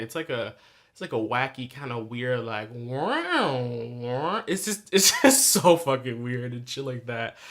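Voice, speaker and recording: A man's voice: mid-range voice, fairly bright tone. A young man hosting a music podcast, talking loosely and profanely, correcting himself often and laughing at his own points. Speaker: podcast host reviewing new music. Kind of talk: casual solo music review.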